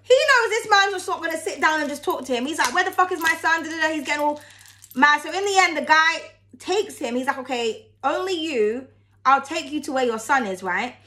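High, bright young woman, rambling tarot chat, casual and sweary. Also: animated, a little fast. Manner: rambling, chatty, swears freely. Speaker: tarot reader.

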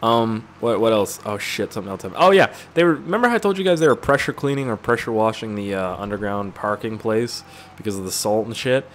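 A young adult man giving casual, jokey gameplay commentary, rambling and swearing with excitable outbursts. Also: on the low side, quick pace, a little hiss or hum. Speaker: gaming YouTuber. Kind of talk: casual let's-play commentary.

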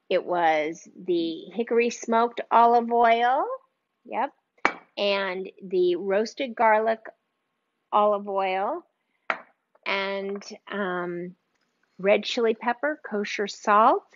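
Here the home-cooking streamer talks at a slow pace in a normal-pitched voice, full of excitement over the food and addressing viewers chattily. The sound is muffled and low-fidelity, as from a kitchen livestream, with a slight hiss or hum.

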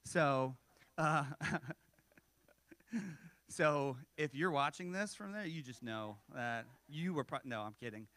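A man's voice: on the high side, takes it slowly, long pauses, pushed and bright, no echo. A man in his forties preaching a sermon in a conversational way, with joking asides and self-deprecating humor. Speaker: pastor.

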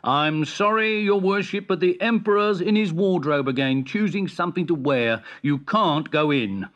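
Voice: medium pitch, normal speed, a bit bright, muffled recording, voice pushed up, natural voice. A storyteller voicing an apologetic soldier guarding a door in a storybook reading.

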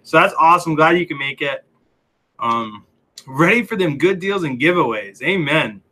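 A man's voice: mid-range voice, sharp tone. A young man hosting a casual livestream, chatty and laughing often as he reads viewer comments, a little out of breath. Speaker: livestream host.

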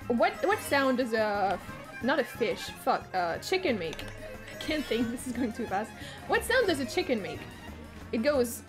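A woman streamer giving live commentary as she plays, excitable, swearing and shrieking when things get fast. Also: on the high side. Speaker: gaming streamer.

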